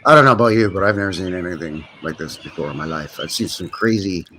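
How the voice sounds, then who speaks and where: A man's voice: low voice, fast talker, bright, forceful tone, slight background noise. A man with a Canadian accent, hosting a livestream in a rambling, chatty way and often correcting himself. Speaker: host. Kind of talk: casual livestream commentary.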